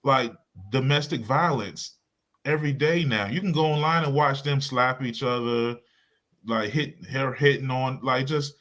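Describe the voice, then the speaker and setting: Male co-host, casual panel talk, animated storyteller, average pitch. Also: unhurried. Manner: animated storytelling, acts out voices in retelling.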